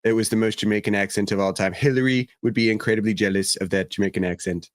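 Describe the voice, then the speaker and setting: A man's voice: fairly low pitch, fast, no room sound, studio quality. A man hosting a casual podcast chat, joking and asking his guest questions. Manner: joking, lively, asks questions. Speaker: show host.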